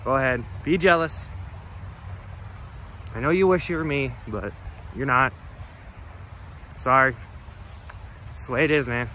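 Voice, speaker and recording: Man, comedic rant, rambling and rhetorical, bright voice, slow unhurried delivery, faint traffic outdoors. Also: medium pitch. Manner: rambling, rhetorical, swearing, talks to unseen haters. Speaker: comedy vlogger. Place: outdoors on a hike.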